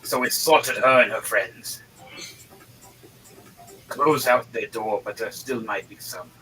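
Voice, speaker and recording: A man voicing a blunt, pipe-smoking male dwarf war leader, speaking low, quiet and unhurried. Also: a little hiss or hum, poor audio. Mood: grim. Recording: faint music behind.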